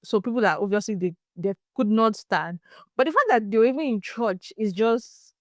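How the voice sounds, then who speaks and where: A young woman from Nigeria with a Nigerian accent, hosting a podcast and telling a story in casual, animated chat. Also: medium pitch, normal speed, no room sound, clean studio sound. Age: young adult. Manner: animated, laughs and restarts often. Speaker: podcast host.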